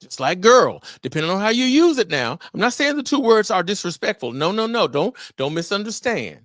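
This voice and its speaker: A middle-aged man hosting a solo podcast on fatherhood, talking in an animated, preacher-like way with exclamations. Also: high voice, fairly quick, no room sound, studio quality. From Memphis area, US. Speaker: podcast host.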